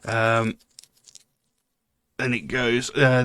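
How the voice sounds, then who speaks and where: Rambling man, low voice. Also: fairly even intonation, normal speed, no echo, studio quality. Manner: rambling, filled with "you know" and "um". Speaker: music reaction channel host. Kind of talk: casual music commentary.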